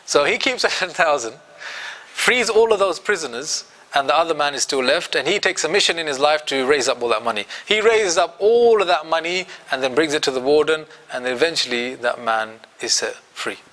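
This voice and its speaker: A man with a British accent teaching an Islamic studies class, telling a story in an animated way and acting out its dialogue. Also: fairly high pitch, moderate pace. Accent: British English.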